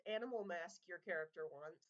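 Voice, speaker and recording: A woman game master narrating a tabletop game in a halting way, with many fillers. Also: on the low side, dull audio.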